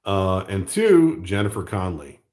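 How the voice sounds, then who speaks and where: A man's voice: sits low, very animated, normal speed, a little mellow. A man hosting his own channel, chatting casually and jokingly while he draws. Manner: rambling, jokey, self-mocking. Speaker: channel host. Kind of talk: casual chat while drawing.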